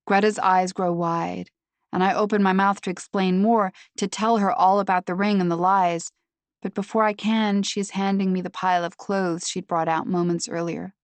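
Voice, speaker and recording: A woman reading a mystery novel aloud in first person, steady and measured, close to the microphone. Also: medium pitch, smooth, no echo. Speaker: audiobook narrator.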